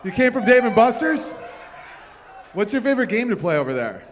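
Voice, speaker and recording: A man's voice: sits high, sing-song, fairly quick. A man doing stand-up comedy on a live stage, talking with the crowd and rambling through loose, profane stories.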